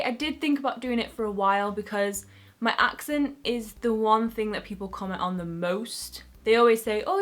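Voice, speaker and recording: A woman's voice: a little high, fairly bright tone. A young woman with a Northern English accent, vlogging in a chatty way, thinking aloud and repeating words as she tests how she says them. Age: young adult. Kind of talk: casual chatty vlog.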